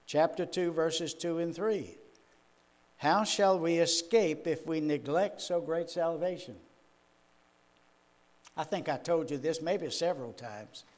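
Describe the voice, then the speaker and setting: A man's voice: on the high side, slow pace, pauses often, a little mellow. An older man, a minister preaching a sermon in a folksy, chuckling, storytelling way. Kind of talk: sermon with personal stories.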